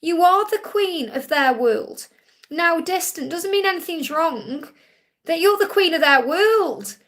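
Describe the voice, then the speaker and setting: Hosting a live Q&A, a psychic reader gives spiritual readings in a very high-pitched, animated voice that's a bit bright and measured in pace. She stays soothing and reassuring, repeating phrases as she goes.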